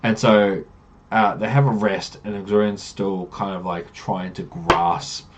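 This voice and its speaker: A man's voice: lowish voice, steady tone, takes it slowly. A man, a game master recapping a tabletop campaign in loose, rambling storytelling.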